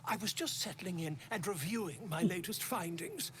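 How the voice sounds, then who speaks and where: A man's voice: high voice, lively intonation, moderate pace, a little hiss or hum. An actor playing a pompous, chatty male traveling author in a video game, with a flowery, theatrical, self-important delivery. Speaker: game character.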